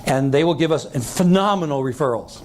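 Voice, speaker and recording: A man's voice: on the high side, animated, a little fast, a little hiss or hum. A man teaching a seminar on sales, who acts out the dialogue he describes and keeps checking in with his listeners. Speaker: sales trainer. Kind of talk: seminar talk to a live audience.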